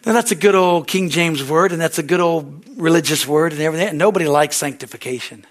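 This pastor, American-accented with a fairly high voice, moves quickly through a meandering, folksy sermon. He keeps asking "Amen?" and readily laughs at himself.

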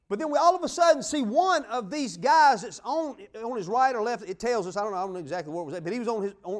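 A man preaching a sermon, exuberant and calling out questions and shouted praises to his congregation. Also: very high-pitched.

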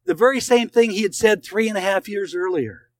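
Male pastor with a high voice, earnest sermon storyteller who leans on dramatic pauses. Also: low-quality recording.

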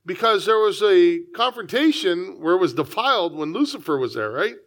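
A man's voice: sits high, sing-song, moderate pace, fairly bright tone. A man preaching a sermon as a pastor, reading scripture and talking in a conversational way with frequent asides. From United States.

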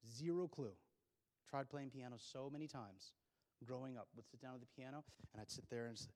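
Young man, pastor, sermon, storytelling, hushed to loud and excited, middle pitch, reverberant hall. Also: fast talker.

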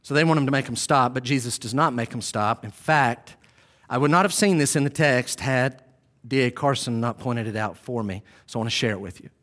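A man preaching a sermon, swinging from loud emphasis to hushed drops. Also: medium pitch, fairly quick. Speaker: pastor.

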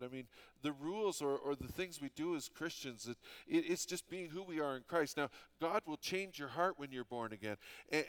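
A man's voice: fairly high pitch, a bit bright, clear, resonant tone. A man in his fifties from Canada, preaching a sermon as pastor in an earnest, conversational way with frequent restarts.

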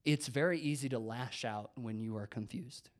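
A young youth pastor with a mid-range voice tells a personal faith story at a moderate pace. He's animated, whispers when quoting people, and laughs at himself.

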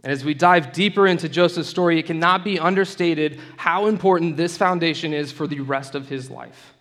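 A man preaching a sermon in a relaxed, conversational storytelling way, with casual asides to the room. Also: a little high, a little fast, long reverb tail.

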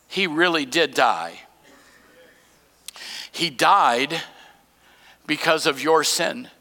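A man preaching a sermon as pastor, swinging between shouted proclamations and hushed, slow lines. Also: sits high, creaky, long reverb tail.

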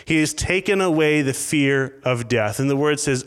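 A man's voice: mid-range voice, moderate pace, clean tone, long reverb tail. A pastor delivering a conversational sermon, often restarting his sentences and acting out the prayers and the lines he quotes. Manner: conversational preaching with frequent restarts and acted quotes.

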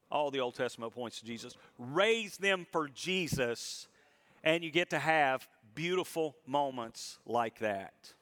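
This middle-aged pastor delivers a sermon that moves between quiet reflection and loud, high-pitched emphasis. He slows down on key lines.

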